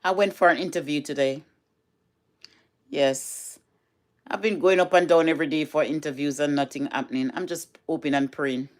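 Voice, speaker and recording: A woman's voice: deep voice, normal speed. A middle-aged Jamaican woman with a Jamaican accent, chatting casually to camera in a vlog from home, repeating herself and slipping into patois. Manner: chatty, repetitive, switches into patois. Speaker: vlogger.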